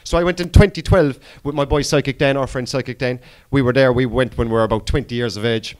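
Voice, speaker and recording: A man's voice: mid-range voice, fairly even intonation, quick pace. A man, a podcast guest telling stories in casual chat, full of "lad" and "boy". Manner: storytelling, slangy, says 'lad' and 'boy'.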